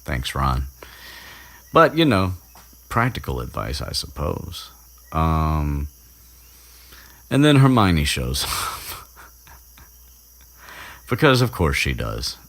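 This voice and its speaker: A man with a very deep, gravelly voice talks through a story in loose, casual chat. He rambles and restarts often, and slips into brief character voices along the way. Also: very animated, fairly bright tone. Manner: rambling, many restarts and fillers, puts on quick voices for characters. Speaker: podcast host retelling a book chapter.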